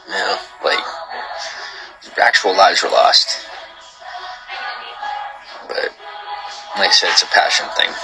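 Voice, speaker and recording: A man's voice: low voice, poor audio. A man hosting a livestream, chatting casually and greeting viewers, getting heated and rambling as he repeats himself. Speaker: livestream host. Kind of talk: casual livestream chat reading viewer comments.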